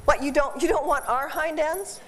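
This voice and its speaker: A woman instructor teaching dog behavior to a live class in an animated, joking way, quizzing the class as she goes. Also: high voice, moderate pace. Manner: animated, jokey, asks the class questions. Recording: roomy hall from a distance.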